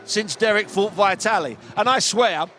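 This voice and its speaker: Storytelling radio host, a man with a high voice, faint background hiss. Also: normal speed, pushed and bright. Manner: anecdotal, quotes people in put-on voices. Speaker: radio presenter. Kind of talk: casual sports talk.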